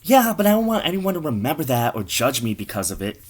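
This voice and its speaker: A man's voice: mid-range voice, big pitch swings, fast talker, husky, pitched above the performer's own voice. A man voicing a young woman fretting about her reputation, in a whiny drawl.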